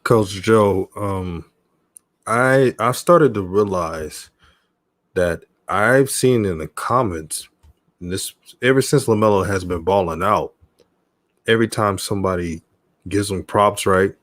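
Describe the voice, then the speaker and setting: Deep-voiced man asking questions. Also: slow pace, fairly bright tone, no room sound, clean studio sound. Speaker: show host. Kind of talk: interview question.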